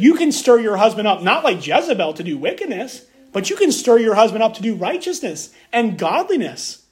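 A man preaching a sermon, reading scripture aloud and then explaining it with emphatic repetition and rhetorical questions. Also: high-pitched. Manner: emphatic, repeats key phrases, rhetorical questions.

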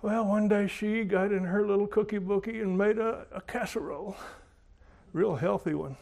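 A man's voice: sits high, fairly even intonation, moderate pace, gravelly, a little mellow. Folksy preacher man telling stories. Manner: folksy storytelling, dramatic swings in volume. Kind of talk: sermon with anecdotes.

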